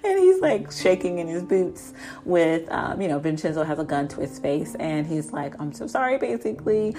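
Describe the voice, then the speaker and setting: A woman with a fairly low voice chats her way through a drama recap. She laughs often and slips into the characters' lines. Faint music plays underneath. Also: big pitch swings, normal speed. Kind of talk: casual episode recap.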